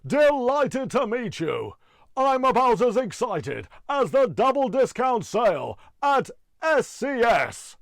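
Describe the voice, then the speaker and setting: A comedian impersonating a TV talent-show announcer who speaks in a slow, drawn-out, dramatic announcing style. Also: male voice, very high-pitched, big pitch swings, gravelly, dry recording, voice pushed up, full character voice. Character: booming TV talent-show announcer, theatrical man.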